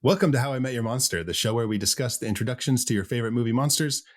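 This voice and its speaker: A man's voice: medium pitch, animated, rapid-fire, heavy background noise. A man hosting a horror movie podcast, chatting casually and joking with his co-hosts. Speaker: podcast host.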